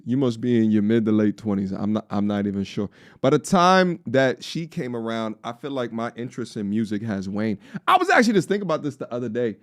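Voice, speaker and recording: This is casual reaction-stream chat from a Long Island man in his thirties with a faint New York accent and a mid-range voice. Loose and joking, he uses plenty of slang and breaks into song, on a dry, studio-quality recording.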